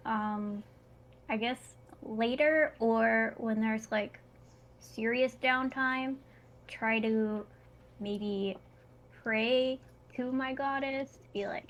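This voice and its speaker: A woman's voice: on the high side, takes it slowly. A woman player in a tabletop game, talking hesitantly and light-heartedly about her cleric's plans. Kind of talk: casual tabletop play.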